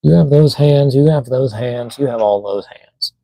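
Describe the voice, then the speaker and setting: A man's voice: medium pitch, normal speed, creaky, dark tone, no room sound, low-quality recording. A man chatting casually to himself while unboxing toys on a live stream, muttering as he fiddles with the packaging. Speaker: toy collector streamer.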